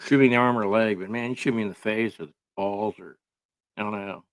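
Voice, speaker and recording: A man's voice: fairly low pitch, fairly even intonation, quick pace, clean tone. A man giving casual, rambling commentary full of sarcastic jokes and filler words.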